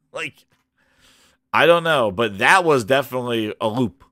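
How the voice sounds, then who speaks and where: A man hosting a gaming channel, ranting about a show in an animated, mocking way and jumping up into high shouts. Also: unhurried, no room sound, clean studio sound.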